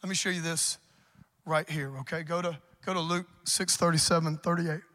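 Male pastor, emphatic sermon, bright forceful tone, long hall reverb. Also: a little high, level tone, normal speed. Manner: emphatic preaching, rising loud on key points.

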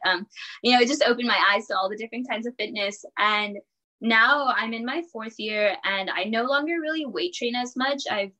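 A young woman in her twenties with a bright, forceful tone talks easily as a podcast guest. She is chatty and upbeat, sprinkles in laughs, and leans on fillers like "like" and "um" as she tells her story. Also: mid-range voice, low-quality recording. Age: 20s. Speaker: podcast guest, college student and personal trainer. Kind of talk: casual interview chat.

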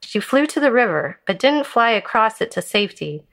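Woman telling a fable, measured. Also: on the high side, big pitch swings, fairly bright tone. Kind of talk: storytelling a Buddhist fable.

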